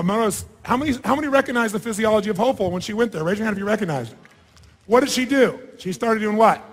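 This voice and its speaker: With an extremely high, husky voice, a man leads a live seminar in a large hall full of people. He coaches a participant before the audience in a blunt, provocative way, swearing as he pleases. The recording has a long hall reverb.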